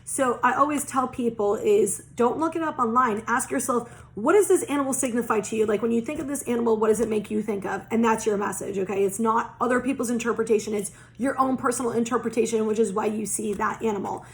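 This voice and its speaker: A fairly high-voiced woman talks through an oracle card reading in a loose, rambling way. She leans on "like" constantly and drops casual swear words as she goes. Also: fast talker, hardly any pauses. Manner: chatty, rambling, swears casually, many "like" fillers. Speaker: psychic oracle card reader.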